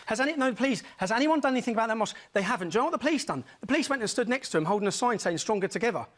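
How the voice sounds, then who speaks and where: A man, a guest in a heated television debate, speaks high for a man and rushes his words. He is insistent and keeps talking over the host. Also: lively intonation, fairly bright tone. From England. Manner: insistent, talks over the host, repeats demands to finish.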